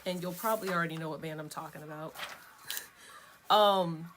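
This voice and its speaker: Talking a little fast but with long pauses, a woman hosting a vlog rambles through a loose, casual chat with her viewers, wandering between topics and laughing readily as she goes. Her voice is somewhat low and a bit bright, with a faint room hum in the background.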